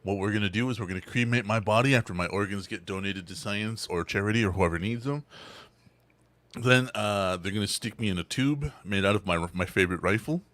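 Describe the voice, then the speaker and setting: A man's voice: fairly low pitch, brisk, fairly bright tone, no echo. A man co-hosting a podcast, telling stories in casual, profane chat and laughing often.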